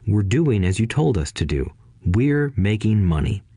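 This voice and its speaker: A man's voice: lowish voice, very animated, moderate pace, mellow, no echo, clean studio sound. A man reading the part of a young boy, eager and wide-eyed, raising his voice a little for the child. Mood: eager boyish. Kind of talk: audiobook reading.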